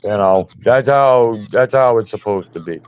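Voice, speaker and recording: A man's voice: lowish voice, unhurried, darkish tone, a little hiss or hum. Blunt, profane man in casual chat. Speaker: podcast host. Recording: dull muffled dry sound.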